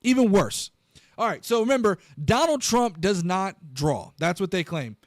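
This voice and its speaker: A man hosting a live political commentary stream, animated and incredulous, talking straight to his viewers. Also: sits high, moderate pace, no echo, studio quality.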